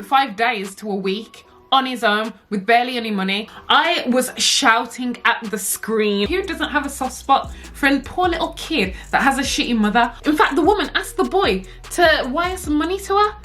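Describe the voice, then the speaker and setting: A young woman telling a story to camera, animated and slangy, swearing and acting out the characters. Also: fairly high pitch. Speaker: vlogger. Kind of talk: story time chat.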